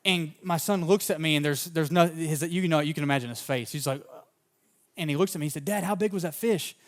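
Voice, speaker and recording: A male pastor preaching a sermon and telling personal stories, fervent in places and relaxed in others. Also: a little high, brisk. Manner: fervent at the open, then relaxed anecdotal storytelling.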